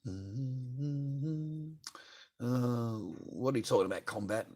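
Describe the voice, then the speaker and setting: A man's voice: medium pitch, slow, a little mellow, breathy edge. A man on a livestream, ranting profanely and asking "right?" again and again. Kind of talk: unscripted livestream rant.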